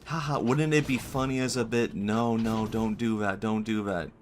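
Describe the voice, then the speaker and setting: With a lowish, even voice at a normal pace, this man chats through his gaming stream, over a slight hiss or hum. He's jokey and meandering, laughing a lot and dropping gags midway.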